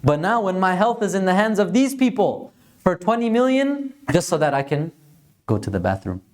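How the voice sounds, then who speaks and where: A man's voice: high-pitched, sing-song, normal speed, a little mellow. A man voicing a sick king in his fifties who pleads and laments as a teacher tells a story. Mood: lamenting.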